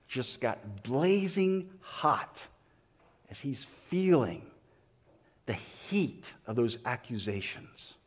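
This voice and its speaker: A man pastor preaching a sermon, retelling a story and acting out the voices in it, with frequent small restarts. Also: medium pitch.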